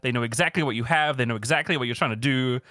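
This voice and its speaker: A man's voice: medium pitch, very fast, bright, forceful tone, no room sound, studio quality. A young man chatting casually and rambling, swearing and laughing often as he talks. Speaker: streamer. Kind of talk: casual chat.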